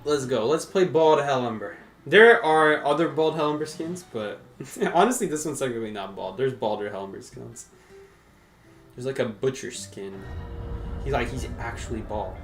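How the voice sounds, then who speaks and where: Laid-back man streaming with lively pitch. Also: moderate pace, echoey room, soft background music. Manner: laid-back, laughs often, calls chat "brother" and "dude". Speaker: game streamer. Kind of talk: casual live-stream chat.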